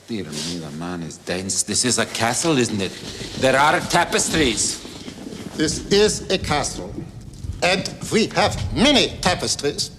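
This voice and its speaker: A man's voice: medium pitch, lively intonation, measured pace, noisy background, voice pushed up, close to an everyday voice. A man putting on the voice of a haughty male castle butler, talking down to a visitor, with a long reverb on the recording. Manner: haughty, condescending.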